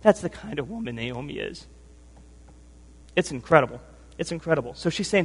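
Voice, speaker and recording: A high-ish, husky, slightly bright male voice, expressive and fairly quick. The preacher speaks in a church hall with long reverb, earnest and emotional, a touch worn from little sleep, restarting phrases and checking in with "right?" often.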